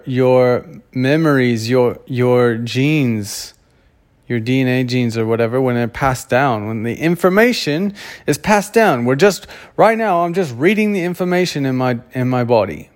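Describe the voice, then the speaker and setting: Slow, rambling man musing aloud. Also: medium pitch. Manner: rambling, searching for words, self-interrupting. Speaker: vlogger. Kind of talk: casual spoken monologue.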